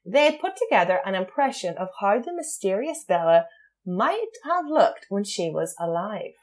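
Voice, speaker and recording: A woman's voice: mid-range voice, very animated, normal speed. A woman co-hosting a podcast, telling a true crime story in a casual chat and laughing often. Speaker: podcast co-host.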